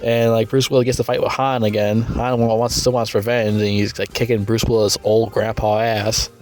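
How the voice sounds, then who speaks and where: A man's voice: little pitch movement, normal speed, faint music behind. Rambling, foul-mouthed man reviewing a movie. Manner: rambling and crude, with frequent swearing and fillers; breaks into loud, high-pitched incredulous rants. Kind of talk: casual spoken movie review.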